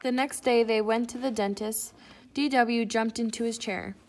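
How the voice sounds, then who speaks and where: A woman reading a children's picture book aloud with clear, expressive storytelling. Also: on the high side, moderate pace. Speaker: storybook reader.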